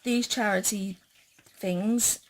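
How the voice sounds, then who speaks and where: Woman vlogger, young, slow hesitant delivery, plenty of fillers, mid pitch. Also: fairly even intonation, rough recording. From England. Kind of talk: casual chat.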